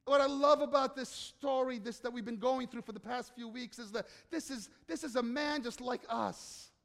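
A man preaching a sermon as pastor, emphatic, asking the listeners rhetorical questions and swinging from soft, slow passages to loud declarations. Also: very high-pitched, vocal fry, big-room sound.

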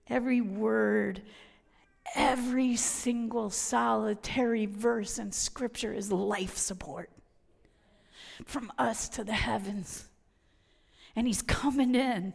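A woman preaching a sermon and telling personal stories, swinging from loud emphatic lines down to near whispers. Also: a little high, steady tone, slow pace, vocal fry, long pauses, breathy edge. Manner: dramatic shifts from loud to whispered. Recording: long reverb of a hall.

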